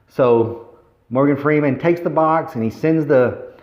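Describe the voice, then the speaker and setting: A man's voice: on the high side, unhurried. A man casually recapping a movie in a rambling, chatty way. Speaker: vlogger. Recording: roomy, dull lo-fi recording.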